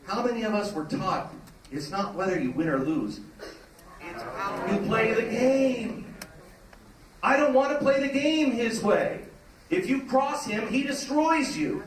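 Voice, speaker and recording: A man's voice: very high voice, a little hiss or hum. A middle-aged man giving an impassioned, preacherly rally speech, recorded from the audience in an event hall. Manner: impassioned, preacherly, rising to emphatic peaks. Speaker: political speaker at a campaign rally. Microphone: recorded from the audience, away from the stage. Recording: echoey hall recorded from far off.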